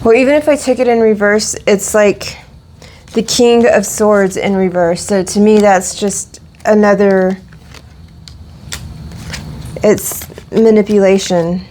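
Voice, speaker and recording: A woman's voice: medium pitch, steady tone, slow, long pauses, mellow, a little hiss or hum. A woman giving a casual tarot reading, rambling with many fillers and restarts. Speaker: tarot reader.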